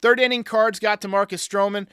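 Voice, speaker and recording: A man hosting a sports podcast, giving an excitable casual game recap and talking straight to his viewers. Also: high-pitched, a little fast, smooth, no echo, clean studio sound. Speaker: podcast host.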